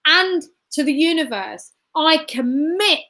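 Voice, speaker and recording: A woman's voice: high voice, lively intonation, slow pace, pushed and bright. A woman, a guest giving a motivational talk, repeating phrases emphatically and punching points with sound effects.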